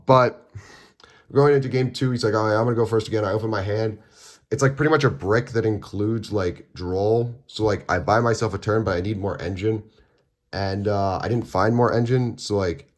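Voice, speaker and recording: Deep-voiced man rambling through a story. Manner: rambling, filler-heavy, acts out both sides of conversations. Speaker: card game player recapping a tournament. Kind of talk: casual storytelling vlog.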